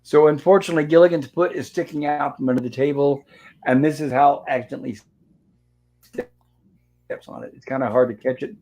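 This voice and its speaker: A man's voice: fairly high pitch, fairly even intonation, fairly quick, long pauses, dark tone. Man casually recapping an old episode. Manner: retells scenes and reads dialogue lines aloud. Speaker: show host.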